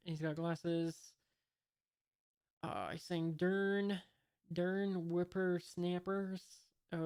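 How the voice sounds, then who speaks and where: A woman with a low, smooth, clear voice reads a comic aloud at an unhurried pace. Her delivery stays casual and hesitant, with many filler pauses as she describes the panels and sound effects. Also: warm tone. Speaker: reader of a comic. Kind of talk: casual comic read-along.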